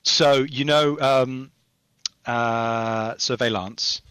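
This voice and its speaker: A man talking as a game developer guest on a podcast, rambling and hesitant, then animated when telling stories. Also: mid-range voice, extremely slow, clear, resonant tone, dry recording. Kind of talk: casual podcast chat.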